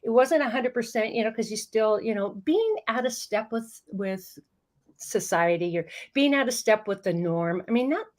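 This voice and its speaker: A woman's voice: fairly high pitch, animated, normal speed. A woman in her fifties, a program founder telling a heartfelt story in an interview and laughing often as she goes. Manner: warm, emotional storyteller who laughs often.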